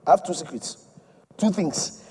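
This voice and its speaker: A male preacher delivering an emphatic, repetitive sermon that swings between loud and soft. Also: sits high, unhurried, breathy edge.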